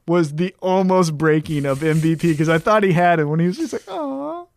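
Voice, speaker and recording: A man with a high, light voice talks in a loose, rambling way as co-host of a casual podcast. He sounds excitable and swears freely. The sound is dry and close, with no room around it. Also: fairly quick, no room sound. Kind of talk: casual wrestling chat.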